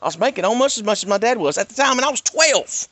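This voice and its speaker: Man, middle-aged, animated emphatic rant, highish voice, bright tone. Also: quick pace, dry recording. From North Carolina. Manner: animated, emphatic, swings between loud and hushed. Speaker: YouTuber. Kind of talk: personal storytelling rant.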